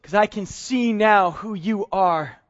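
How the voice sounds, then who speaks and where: A man's voice: sits high, slow pace, highs cut off. A man acting out a remorseful, blunt fisherman who pleads and blames himself. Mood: pleading. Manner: earnest, pleading, self-reproaching.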